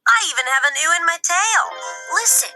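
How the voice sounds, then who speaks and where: Kangaroo, a chirpy kangaroo. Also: female voice, very high-pitched, lively intonation, normal speed, sharp tone, soft background music, heavily acted, low-quality recording. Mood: cheerful. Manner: sing-song, upbeat, playful sounds. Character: cheerful female kangaroo who loves letters. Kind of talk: children's cartoon voice acting.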